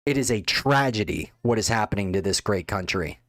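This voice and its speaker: A man's voice: on the low side, brisk, a bit bright, no room sound. A man delivering an angry, contemptuous political rant, full of insults. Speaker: political commentator. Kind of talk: ranting monologue.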